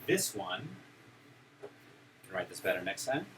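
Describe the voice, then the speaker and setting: Slow, lively man teaching young children. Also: low voice. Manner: playful, encouraging, acts out emotions. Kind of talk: classroom teaching of simple English. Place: classroom. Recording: distant mic with room noise.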